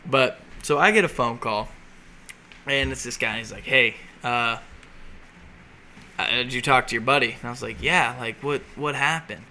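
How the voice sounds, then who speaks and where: A man telling a story in a relaxed way in a casual podcast chat, quoting both sides of a phone call. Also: mid-range voice, normal speed, pauses often, slight background noise. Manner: relaxed storyteller, quotes others in dialogue.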